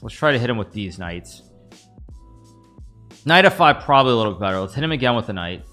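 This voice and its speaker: A man's voice: mid-range voice, pushed and bright. A man in his thirties from the United States, live-streaming chess with rambling chatty commentary to his viewers. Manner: chatty, rambling, talks to chat while playing.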